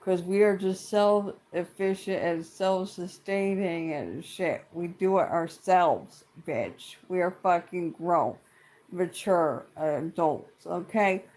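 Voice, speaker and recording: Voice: medium pitch, slow pace, darkish tone. A middle-aged vlogger delivering a casual, profane rant to camera, blunt and exasperated, swearing constantly and circling back on the same points. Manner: blunt and exasperated, heavy swearing, repeats itself.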